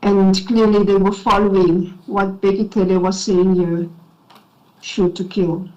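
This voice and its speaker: A woman with a South African accent testifying at an enquiry, her voice shaky and halting as she gets emotional. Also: mid-range voice, level tone, warm tone, lo-fi sound. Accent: South African English. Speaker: witness at an enquiry. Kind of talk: sworn testimony, reading a statement.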